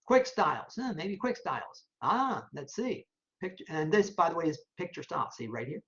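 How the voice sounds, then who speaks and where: A professor talking through a software demo on a screen recording, casually thinking aloud while checking each option and repeating phrases. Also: mid-range voice, big pitch swings, moderate pace. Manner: casual, chatty explaining with verbal tics. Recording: dull lo-fi recording.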